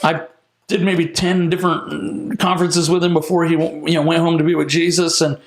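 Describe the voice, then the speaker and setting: Gravelly man telling a lively story. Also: on the high side, normal speed, reverberant. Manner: lively, casual, lots of "like" and "you know". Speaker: minister sharing a testimony. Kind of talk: animated storytelling in an interview.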